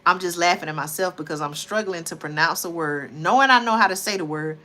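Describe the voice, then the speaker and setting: A woman's voice: on the low side, brisk, pushed and bright. A woman hosting a late-night livestream, tired and chatty, often talking to viewers as y'all. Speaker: livestream host. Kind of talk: casual livestream talk.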